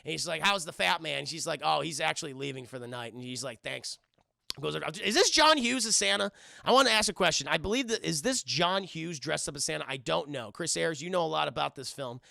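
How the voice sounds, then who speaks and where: A man casually recapping a film scene by scene for his live chat, rambling and profane, acting out the characters in quick voices. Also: on the high side, vocal fry, pushed and bright, no room sound, clean studio sound. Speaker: film review streamer.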